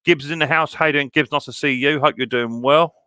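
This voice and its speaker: A man's voice: fairly high pitch, fairly even intonation, fast, pushed and bright, smooth, no echo, studio quality. Chatty man greeting viewers. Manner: casual, many fillers, calls people mate and buddy boy. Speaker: mower channel host. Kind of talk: live stream chat with viewers.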